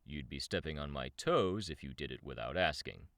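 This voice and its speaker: A man's voice: rumbling low, animated, moderate pace, fairly bright tone, no echo, exaggerated voice. A man voicing an irritable young man in an audiobook reading, with a dry, sarcastic delivery. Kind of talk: audiobook character voice.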